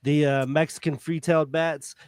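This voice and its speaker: A man's voice: a little high, level tone, moderate pace, clean tone, dry recording, studio quality. A man, co-hosting a podcast and chipping in with trivia and local history in casual chat. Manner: adds trivia and local facts. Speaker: podcast co-host.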